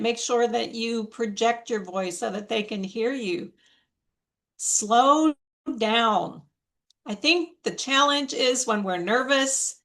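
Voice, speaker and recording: Slow, deliberate woman giving a motivational talk. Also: fairly high pitch, fairly bright tone. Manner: slow, deliberate, emphatic delivery. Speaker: featured speaker, coach. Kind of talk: motivational talk on public speaking. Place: online video meeting. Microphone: video call.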